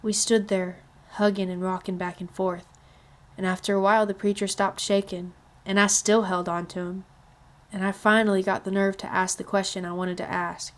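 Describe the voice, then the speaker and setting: A woman narrating a children's novel aloud in a calm, even storytelling manner. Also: mid-range voice, normal speed. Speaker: reader.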